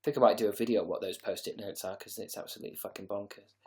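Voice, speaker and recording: A man's voice: fairly low pitch, steady tone, racing, a little mellow. A young man hosting a casual livestream, rambling and joking as he reads out viewers' comments, with plenty of swearing. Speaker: livestream host.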